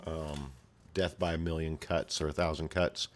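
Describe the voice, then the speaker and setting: A man's voice: very deep voice, little pitch movement, normal speed. A man casually reading a comic aloud and commenting, laid-back with mumbled asides. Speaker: video host reading a comic.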